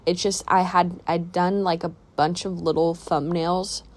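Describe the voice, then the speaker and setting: A woman's voice: fairly low pitch, flat delivery, unhurried, darkish tone. A young woman from the San Diego area chatting casually in a voiceover about her painting, rambling and talking to herself. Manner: chatty, rambling, self-talk asides. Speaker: art vlogger.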